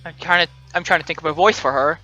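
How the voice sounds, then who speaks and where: A man's voice: a little high, steady tone, fast talker, pushed and bright, faint music behind, low-quality recording. A young man hosting a let's play, reading a dating game aloud with joking, playful asides.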